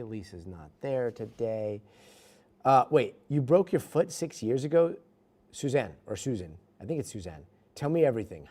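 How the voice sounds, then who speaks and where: A man's voice: lowish voice, warm tone. A middle-aged man, a news anchor, chatting casually with livestream viewers from a studio, self-mocking and reading comments aloud.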